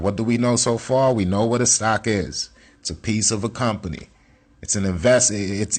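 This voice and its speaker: A man teaching casually, in a blunt and slangy way with plenty of swearing, repeating his points as he walks through a screen share. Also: lowish voice. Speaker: self-taught investing teacher.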